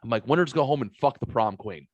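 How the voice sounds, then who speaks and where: A man's voice: medium pitch, animated, fast, no echo, highs cut off. A man hosting a casual podcast, telling rambling, profane anecdotes and mimicking other people's voices. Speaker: podcast host. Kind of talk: casual podcast chat, storytelling.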